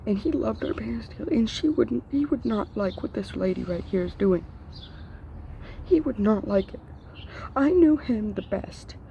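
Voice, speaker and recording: A woman's voice: on the high side, animated, moderate pace, creaky, mellow, highs cut off, slight background noise. A young woman ranting to camera, upset and grieving, her voice breaking and dropping to whispers. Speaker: vlogger. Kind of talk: emotional rant to camera.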